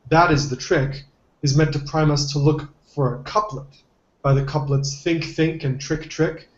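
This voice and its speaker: A man's voice: on the high side, darkish tone. A man co-hosting a podcast who works through his points carefully, hedging with lots of ums and uhs. His voice sits in a roomy echo. The recording sounds dull and lo-fi. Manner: thoughtful, hedging with many fillers. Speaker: podcast co-host. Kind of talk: casual analytical discussion.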